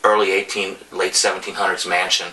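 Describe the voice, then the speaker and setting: With a low, flat delivery and a sharp tone, this man talks a little fast over a slight hiss or hum, recorded on a distant mic with music in the background. He's a bartender and collector of bar memorabilia from Hudson Valley, New York, casually telling stories in a rambling, enthusiastic way full of restarts.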